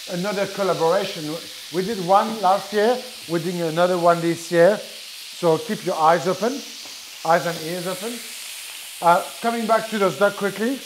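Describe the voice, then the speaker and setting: A middle-aged French-accented chef talks his viewers through a live cooking demo, chatty and full of restarts. His voice sits a little high. A soft sizzle from the pan and a light hiss run underneath. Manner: chatty, explains step by step with many restarts. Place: kitchen with food sizzling. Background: frying sizzle.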